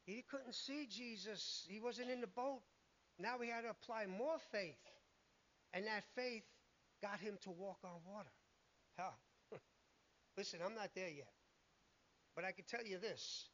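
A man's voice: high voice, a little slow, long pauses, a bit bright, dull audio, a little hiss or hum. A man preaching a sermon in an emphatic way, acting out the lines he quotes.

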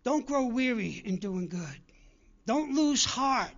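A man's voice: very high voice, very animated, takes it slowly, a bit bright, muffled recording. A man preaching a sermon to his congregation, earnestly urging them again and again and acting out the people he quotes. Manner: earnest, repetitive exhortation with acted-out quotes.

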